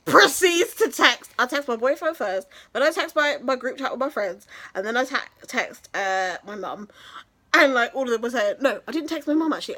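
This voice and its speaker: Young woman, casual storytelling vlog, chatty, filler-heavy, animated pitch, slightly high voice. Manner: chatty, gushing, lots of fillers. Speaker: vlogger.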